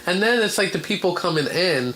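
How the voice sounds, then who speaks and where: A man with a hoarse voice hosting a casual radio talk show, blunt and swearing freely. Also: sits high, brisk, poor audio. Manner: blunt and swearing, animated in argument. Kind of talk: casual chat. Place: small home studio.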